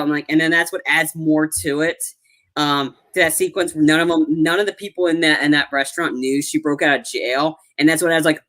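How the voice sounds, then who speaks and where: A man's voice: fairly high pitch, steady tone, a little fast, bright, forceful tone. A man co-hosting a movie review podcast, retelling scenes in a rambling way with lots of fillers. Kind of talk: casual chat.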